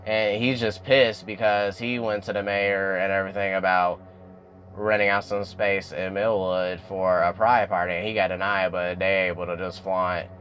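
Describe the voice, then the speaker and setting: Low-voiced young man doing a chatty recap. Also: level tone, moderate pace, fairly bright tone, faint music behind. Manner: chatty slangy storytelling, addresses viewers as y'all. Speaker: TV recap vlogger. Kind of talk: casual episode recap.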